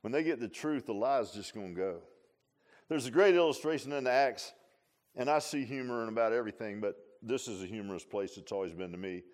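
A man with a medium-pitched voice and fairly quick pace delivers a folksy, conversational sermon as a pastor. He often repeats and restarts phrases and throws in humorous asides.

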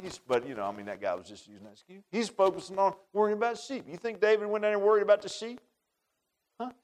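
A man preaching a sermon in a folksy, animated storytelling way, often restarting his sentences. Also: mid-range voice.

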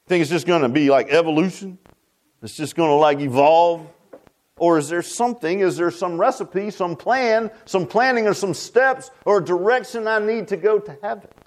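Man, preacher, high voice, folksy sermon, emphatic swoops.

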